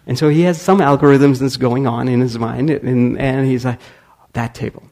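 A man's voice: medium pitch, normal speed. A man giving a talk, telling a story and acting out the people in it. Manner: animated storyteller acting out quotes. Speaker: speaker.

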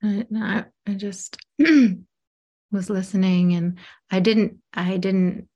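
A woman telling a reflective story about guiding someone, hesitant with many pauses, dropping to a whisper when she quotes. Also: medium pitch, little pitch movement, mellow, highs cut off. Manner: drops to a whisper when quoting.

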